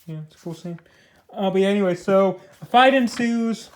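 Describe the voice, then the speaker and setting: A man's voice: high voice, normal speed, echoey room. A young man casually reviewing a comic book. He rambles loosely, restarts his sentences and leans heavily on fillers.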